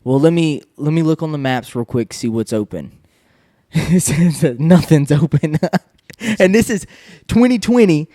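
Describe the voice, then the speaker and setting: A man's voice: on the high side, unhurried, no echo, studio quality. Young man laughing through a wild story. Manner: laughing, profane, animated retelling. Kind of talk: casual storytelling.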